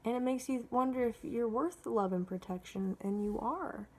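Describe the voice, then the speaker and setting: This woman, a vlogger in her twenties, speaks at normal speed in a voice on the high side. Telling a personal story to camera, she is blunt and candid, swears freely, and rambles along with heavy use of fillers like "like."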